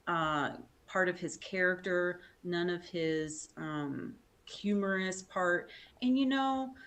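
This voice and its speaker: A woman's voice: lowish voice, a bit bright. A woman guest on a casual live stream chat, talking unhurriedly with fillers and light laughs. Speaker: subscriber guest.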